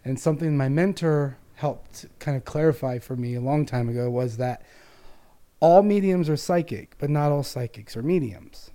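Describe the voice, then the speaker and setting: A man who works as a psychic medium, telling his own story in an interview with earnest, lively storytelling. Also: a little high, moderate pace.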